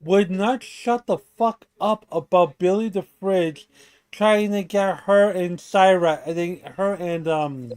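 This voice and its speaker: A man's voice: high voice, slow, darkish tone, clean tone, dry recording. A man hosting a casual livestream chat, joking, pleading and poking fun at himself. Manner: jokey, pleading, self-deprecating. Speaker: stream host.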